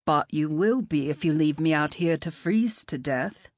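Woman doing a deep raspy stranded man. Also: a little slow, no room sound, clean studio sound. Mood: charming. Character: stranded young man, deep raspy voice, slight British-Scottish lilt.

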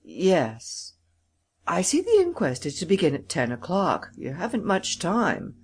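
A reader voicing a composed senior lawyer in an audiobook, measured and deliberate. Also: medium pitch, wildly swooping pitch, darkish tone, husky, pitched above the performer's own voice, exaggerated voice. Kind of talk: audiobook character reading.

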